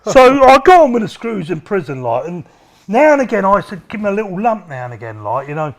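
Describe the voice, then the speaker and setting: Animated, high-voiced man telling stories. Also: quick pace. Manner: rambling, profane, laughing storyteller. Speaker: interview guest. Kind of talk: casual storytelling.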